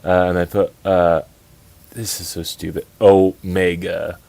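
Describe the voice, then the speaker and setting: A man's voice: deep voice, level tone, normal speed, gravelly, darkish tone, no echo. A man co-hosting a casual podcast, rambling and mocking, full of restarts. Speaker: podcast co-host. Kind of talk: casual chat.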